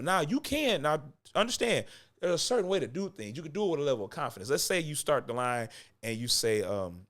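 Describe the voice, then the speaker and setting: A male acting coach speaks fast in a slightly bright mid-range voice with big pitch swings. Close to the microphone and conversational, he hammers points through repetition and chuckles between lines.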